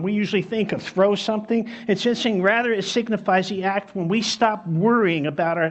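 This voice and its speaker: Male pastor, sermon, high emphatic voice, dull lo-fi recording. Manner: emphatic, repeats key phrases, storytelling.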